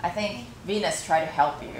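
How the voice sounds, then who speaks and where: A woman's voice: lowish voice, normal speed, background noise. A woman teacher giving feedback to students after practice interviews, coaching with frequent "okay" and acting out example phrases. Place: classroom. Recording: echoey classroom, faint ambience.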